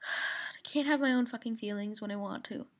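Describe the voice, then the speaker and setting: A teenage girl records a casual video diary, her voice sitting a little high. She rambles and vents, leaning on ums, uhs and likes as she talks it through. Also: normal speed. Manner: rambling and venting, full of fillers. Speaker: video diarist. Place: her mother's office.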